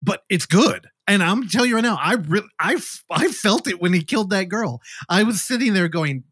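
A male podcast host retells a horror film with animated, swooping delivery and a slightly high voice. He swears freely and drops into quick acted-out lines from the scenes. The sound is dry and close. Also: breathy edge, no echo. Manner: animated, profane, acts out movie scenes. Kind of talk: casual movie review chat.

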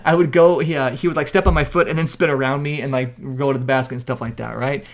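A man co-hosting a casual chat, telling animated stories and acting out quotes with loud shouts. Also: mid-range voice, fast. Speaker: podcast co-host.

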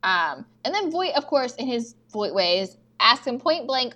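Young female podcast co-host, casual, animated, higher voice. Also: measured pace. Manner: animated retelling with quoted dialogue and swearing. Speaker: podcast co-host recapping episodes. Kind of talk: casual chat.

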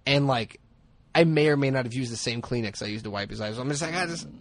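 A man co-hosting a podcast, rambling through casual comedic chat, self-mocking and quick to laugh. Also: medium pitch, a little hiss or hum. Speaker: podcast co-host.

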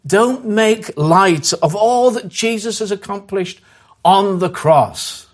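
A man preaching, his voice a little high and husky. He presses his listeners with earnest, repeated phrases and short commands, then turns quiet and slow as he leads into prayer. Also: animated. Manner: drops to a soft, slow voice to lead prayer. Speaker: pastor. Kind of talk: sermon.

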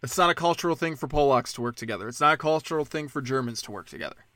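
A man's voice: medium pitch, expressive, rapid-fire, pushed and bright, dry recording. A man ranting in a casual monologue, sarcastic and profane, slipping into mocking impressions.

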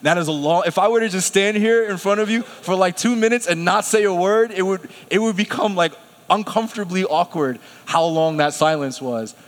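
A man delivering a sermon in a church, animated and storytelling, breaking into laughter as he quotes himself. His voice sits a bit high for a man. The long reverb of a big hall trails after his words. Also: normal speed. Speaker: preacher. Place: church sanctuary.

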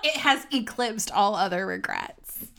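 Bright-voiced young woman, animated podcast chat. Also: medium pitch, a little slow, gravelly. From American Midwest. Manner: animated, laughing, self-mocking. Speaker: podcast co-host. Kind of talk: casual chat.

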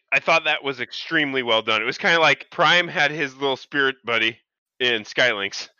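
A podcast co-host chats casually, a man with a bright, resonant, clear mid-range voice. The recording is dry, and his mic sounds dull.

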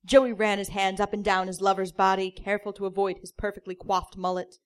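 A woman comedian reading a story aloud in a deadpan manner, now and then cracking up. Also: medium pitch, brisk, clear, resonant tone. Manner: deadpan, breaks into laughter.

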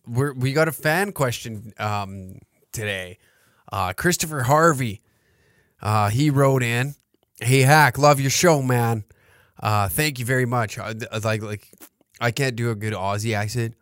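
A man's voice: mid-range voice, a bit bright, dry recording. Male podcast host, foul-mouthed rambling comic riff, dry close sound. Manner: profane, rambling, joking. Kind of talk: crude comedic podcast monologue.

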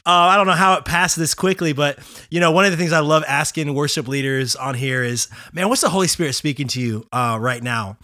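Bright-voiced enthusiastic man hosting. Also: on the high side, a little fast, hardly any pauses, no echo, clean studio sound. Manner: enthusiastic, frequent "wow" and "man". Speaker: podcast host. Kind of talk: casual interview chat.

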